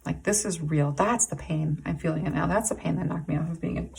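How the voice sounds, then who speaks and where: A woman giving an intuitive tarot reading to camera, halting and rambling with many "like"s and restarts, emotionally intense and pausing to sigh and breathe. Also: low voice, creaky, darkish tone, slightly rough. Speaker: tarot reader.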